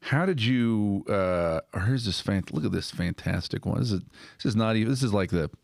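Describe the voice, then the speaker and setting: Low-voiced man musing aloud, dry sound. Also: expressive, moderate pace, gravelly, dry recording. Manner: thinks aloud with restarts, frequent "right?". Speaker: podcast host. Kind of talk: casual conversational discussion.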